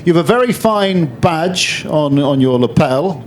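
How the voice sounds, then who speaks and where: Teasing male interviewer, slightly high voice. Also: lively intonation, unhurried, slight background noise. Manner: teasing, jokey, chatty. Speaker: interviewer, music journalist. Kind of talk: live stage interview. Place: festival chat tent before an audience.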